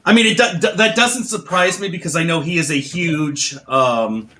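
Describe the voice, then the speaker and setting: A man's voice: a little high, moderate pace, pushed and bright, a little hiss or hum. Easygoing man chatting about games. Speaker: podcast co-host. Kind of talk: casual chat.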